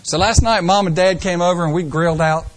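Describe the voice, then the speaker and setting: A man's voice: high voice, steady tone, brisk. An older man preaching a folksy sermon, acting out people's excuses in mock voices.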